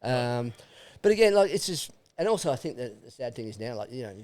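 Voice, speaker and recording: A man's voice: medium pitch, fairly quick, dry recording. A middle-aged Australian man, a podcast guest, talking bluntly and with plenty of swearing in casual chat. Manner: blunt, animated, swears freely.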